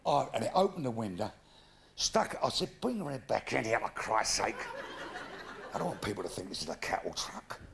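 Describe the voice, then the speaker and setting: Gravelly comic, lively high delivery. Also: male voice, a little fast. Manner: crude, punchy joke-telling with swearing. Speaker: stand-up comedian. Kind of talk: live stand-up comedy routine. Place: stage before a live audience. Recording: live show with crowd laughter.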